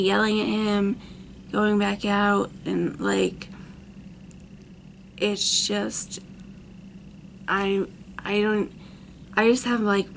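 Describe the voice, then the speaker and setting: A woman's voice: medium pitch, creaky, a little hiss or hum. A woman in her thirties telling a personal story as a vlogger, rambling with many fillers. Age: 30s. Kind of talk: storytime monologue.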